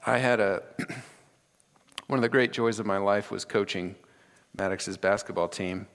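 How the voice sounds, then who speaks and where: A man preaching a sermon as pastor, animated and acting out the scripture with dramatic voices. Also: on the low side, a little slow. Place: church sanctuary. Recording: long church reverb.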